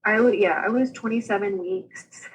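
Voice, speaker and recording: A woman's voice: medium pitch, normal speed, husky, poor audio. A young woman, casually telling her story as a podcast guest and acting out the people she quotes. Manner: animated, acts out quoted voices.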